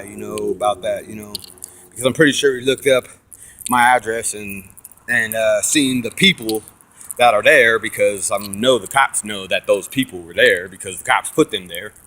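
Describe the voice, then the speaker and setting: A man telling a long personal story in a rambling, casual monologue. He swears constantly, uses lots of fillers and acts out quoted voices loudly. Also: on the low side, normal speed, slight background noise.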